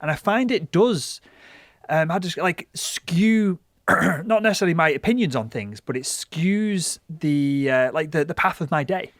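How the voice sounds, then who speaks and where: A hoarse man co-hosts a casual chat, his voice pitched a little high for a man. He talks carefully and hedges his points. The recording is dry and close, with no room sound. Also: lively intonation, unhurried, dry recording. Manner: careful, hedging, self-explaining. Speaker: co-host.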